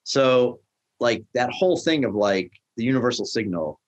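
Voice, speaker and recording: A man's voice: expressive, normal speed. A middle-aged man, a restaurant tech founder, telling stories in an interview and acting out the lines of the people in them. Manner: acts out quoted dialogue with jumps in pitch. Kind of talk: animated storytelling in a podcast interview.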